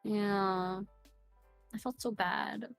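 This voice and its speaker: A woman telling a story in a casual podcast interview, acting out the people in it with animated delivery. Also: mid-range voice, drawn-out words, vocal fry, faint music behind. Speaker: podcast guest.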